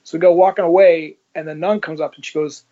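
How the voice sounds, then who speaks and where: A man's voice: on the high side, fairly even intonation, fast talker, mellow. A man telling his story as a guest in casual, blunt talk, swearing freely and acting out the dialogue he quotes. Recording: dull lo-fi audio.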